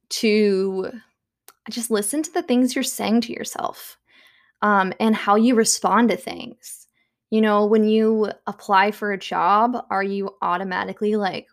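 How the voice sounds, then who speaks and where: A young woman at home talking casually about self-help, chatty and full of fillers, with soft laughs. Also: medium pitch. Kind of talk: casual monologue.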